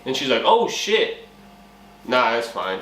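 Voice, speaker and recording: A young man with a bright, forceful voice tells a comic story in a loose, profane way, acting out what he said back then. The room is echoey, with a faint hum of ambience behind him. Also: medium pitch, very animated, slow. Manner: profane, laughing, acts out his own quotes. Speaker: channel host.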